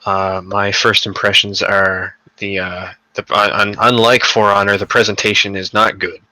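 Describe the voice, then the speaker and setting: A man's voice: lowish voice, flat delivery, moderate pace, bright, forceful tone, no echo, rough recording. A young man co-hosting a casual gaming podcast, rambling and profane, with lots of fillers and restarts. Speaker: podcast co-host.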